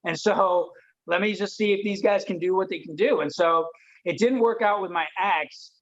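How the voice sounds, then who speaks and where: A man from Detroit, a podcast guest telling a story in a lively way and acting out the voices of people he quotes. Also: high-pitched, normal speed, lo-fi sound. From Detroit, USA. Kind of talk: animated storytelling.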